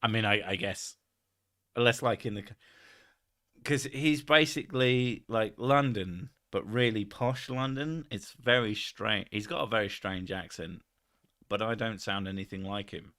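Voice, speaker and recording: A man's voice: on the low side, unhurried, fairly bright tone. A man hosting his stream, chatting casually and rambling, swearing freely and laughing at himself. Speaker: streamer host. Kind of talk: casual chat reading viewer messages.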